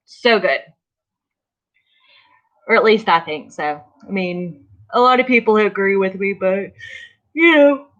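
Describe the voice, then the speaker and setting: A tired, yawning woman hosting a casual livestream, chatting slowly and greeting viewers by name. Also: medium pitch, expressive, muffled recording. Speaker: livestream host of a vinyl crafting channel.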